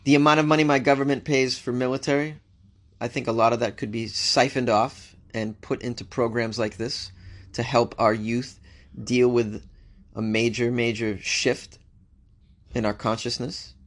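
A man's voice: medium pitch, little pitch movement, normal speed, fairly bright tone. A man hosting a news show, reading stories aloud and cracking wry jokes about them in a casual commentary style. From United States. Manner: wry, joking, talks back to the news he reads.

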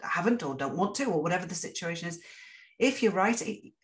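A woman author talking candidly in a casual interview, self-deprecating and quick to laugh. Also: fairly low pitch, animated. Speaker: author guest.

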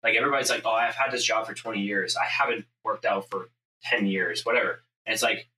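A man's voice: on the low side, fairly even intonation, quick pace, sharp tone. A man telling a story in casual podcast chat, intense and profane, acting out his own inner voice. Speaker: podcast host, business owner. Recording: echoey room, mic at a distance, faint ambient noise.

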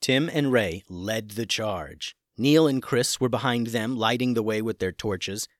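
A man's voice: fairly low pitch, no echo, studio quality. Man telling a kids' adventure story. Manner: expressive, swings between hushed suspense and excitement. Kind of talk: children's adventure story narration.

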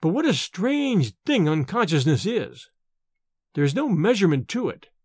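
A man voicing a shaken young male scholar forcing himself to sound calm, in a storybook reading. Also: high voice, normal speed, husky, no echo, studio quality, full character voice. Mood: uneasy.

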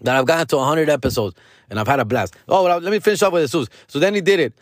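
This podcast host, a man in his forties, delivers a loose, profane monologue full of slang, tossing in "fool" and "dog" constantly. He talks very fast in an expressive voice on the high side. The audio is clean studio quality without echo.

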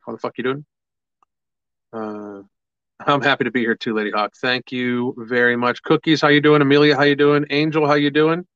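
A man hosting a casual livestream, talking in a relaxed, rambling way, upbeat and quick to swear. His voice sits in an ordinary middle pitch. The sound is dry and a little dull, like a lo-fi stream. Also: smooth, no echo. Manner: casual, profane, upbeat, reads viewer comments aloud. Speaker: livestream host.

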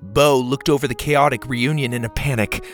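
Brief: male storybook narrator, gravelly tone, lively reading, leaps high and loud for shouts. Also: moderate pace, faint music behind. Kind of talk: children's audiobook narration.

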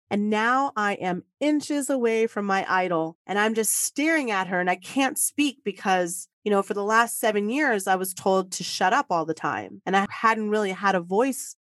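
A woman recounts her own story on a podcast with lively emotion. The sound is dry and close, with no room around her voice. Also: mid-range voice, dry recording. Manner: animated, emotional storytelling with laughs. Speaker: podcast guest. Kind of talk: personal storytelling.

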